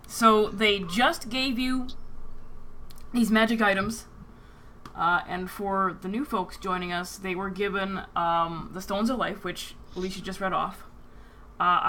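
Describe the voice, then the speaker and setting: A woman's voice: mid-range voice, bright, forceful tone, slight background noise. A woman acting as game master, speaking easygoingly and lightly self-deprecating in casual tabletop game chat over online voice chat.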